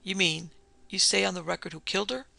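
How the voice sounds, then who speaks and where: A woman's voice: on the low side, fairly even intonation, quick pace, gravelly, sharp tone, no room sound, full character voice. Woman voicing a drunk, pleading man. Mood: bewildered. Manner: thick-voiced, pleading. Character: drunk, desperate man, bewildered friend.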